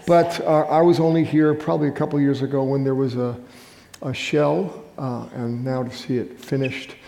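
A man's voice: mid-range voice, fairly even intonation, normal speed, vocal fry, dark tone. An older man, a guest pastor, preaching a sermon in a casual, storytelling way with little jokes. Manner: chatty storytelling with self-deprecating jokes. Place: large church hall. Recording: echoey hall from far off.

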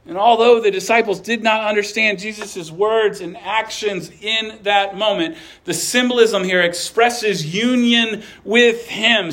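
A man's voice: high voice, fairly bright tone. A male pastor preaching an earnest sermon, with light asides of humor.

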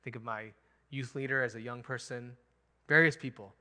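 A man preaching a sermon as pastor, animated and emphatic, chuckling now and then. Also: mid-range voice, moderate pace.

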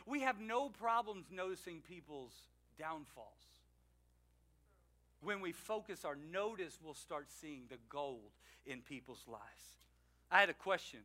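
A man preaching a sermon, swinging between loud emphatic lines and quiet asides, and acting out the people he quotes. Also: high-pitched, lively intonation, unhurried. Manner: acts out quoted people in changed voices. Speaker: pastor.

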